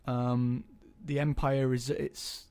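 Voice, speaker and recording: A man's voice: mid-range voice, little pitch movement, slow pace, a little mellow, smooth. Young guy chatting in an interview, lots of ums and restarts, easygoing. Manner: chatty, hesitant with many ums. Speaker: guest actor. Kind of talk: casual interview chat.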